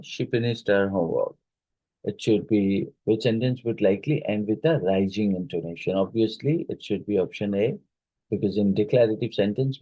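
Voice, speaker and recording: A man's voice: lowish voice, warm tone, breathy edge, dry recording, low-quality recording. A male teacher going through exam questions, reading each one aloud and then reasoning out the answer. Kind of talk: exam question review lesson.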